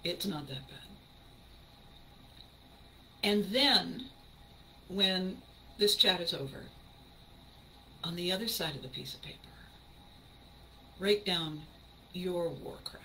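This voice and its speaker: A woman talks unhurriedly in a bright voice, hosting a motivational podcast. She is animated and emphatic, often breaking into laughter, and acts out other people's lines. Her delivery stays measured. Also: on the low side, a little hiss or hum, low-quality recording. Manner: acts out quoted people in a shifted voice. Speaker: podcast host. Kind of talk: motivational talk.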